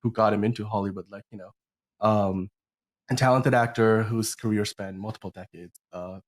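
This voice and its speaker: A man's voice: on the low side, steady tone, normal speed. A man hosting a podcast in a casual chat, rambling with lots of fillers and restarts while sounding sick. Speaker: podcast host.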